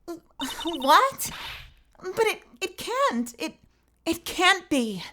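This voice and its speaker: A woman's voice: very high voice, big pitch swings, very slow, sharp tone, pitched above the performer's own voice, heavily acted. A woman voicing a timid young woman witness who stammers in shock during a courtroom game. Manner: stammering, breathy gasps.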